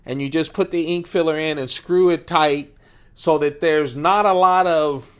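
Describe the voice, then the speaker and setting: A man's voice: a little high, steady tone, normal speed, a bit bright, clear, resonant tone. A man hosting a casual show-and-tell vlog, playful and enthusiastic, chuckling often and drawing words out for emphasis. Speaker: host of an everyday-carry knife channel.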